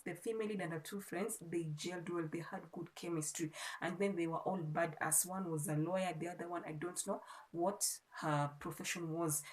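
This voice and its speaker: A woman's voice: fairly low pitch, poor audio. A woman with a Kenyan accent, chatting casually and rambling a little as she reviews a movie for her vlog. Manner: chatty and rambling, with frequent restarts. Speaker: vlogger.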